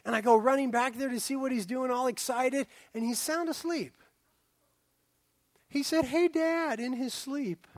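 A man preaching a sermon as a pastor, animated and swinging from loud exclaiming to a hushed near-whisper. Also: extremely high pitch, normal speed, hardly any pauses, dry recording, clean studio sound. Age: young adult.

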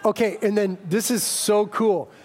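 High-voiced, animated male pastor. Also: measured pace, a crowd in the background, noisy background. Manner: animated, jokey, conversational preaching. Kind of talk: sermon.

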